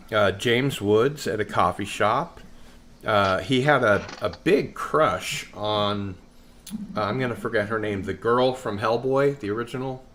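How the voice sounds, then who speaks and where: A man's voice: on the low side, fairly bright tone, slight background noise. A man hosting a casual live panel show, reading out chat comments and telling long rambling stories. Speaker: host.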